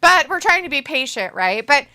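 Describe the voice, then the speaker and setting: A woman hosting a livestream in casual chat, animated and cursing freely, often laughing. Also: high voice, moderate pace. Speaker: stream host.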